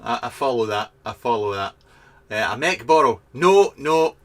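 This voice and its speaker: Speaking at a moderate pace, a man from Scotland with an animated, mid-range, fairly bright voice reviews vaping products from his garden shed. He chats casually to his webcam, reading out viewer comments and joking, with plenty of ums and restarts in this live vlog.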